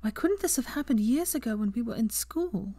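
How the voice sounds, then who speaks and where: A woman voicing an earnest young adult witch who speaks softly, often near a whisper. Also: fairly high pitch, lively intonation, brisk, no room sound, studio quality, voice pushed up. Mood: wistful.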